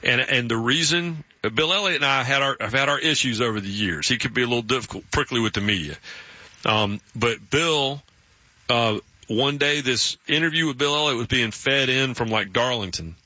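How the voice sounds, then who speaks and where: A Southern American man hosts a sports radio show, spinning casual stories and laughing often. His voice is strikingly bright and sits close and dry on the mic, and the broadcast sound is a bit muffled. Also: medium pitch, moderate pace, dry recording. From South Carolina, US.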